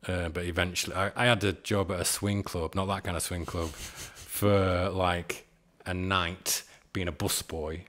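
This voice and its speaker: A man in his forties talks through his past in a loose, meandering way, often chuckling at himself. His voice sits very low. It is a relaxed podcast-guest chat. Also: unhurried, few pauses. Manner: rambling, chuckling, self-deprecating. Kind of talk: casual storytelling chat.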